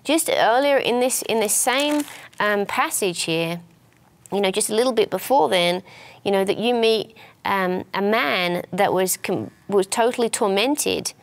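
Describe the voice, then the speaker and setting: A woman's voice: medium pitch, measured pace. Woman teaching scripture in earnest. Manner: earnest, explanatory, many small restarts. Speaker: minister and co-host. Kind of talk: Bible teaching in conversation.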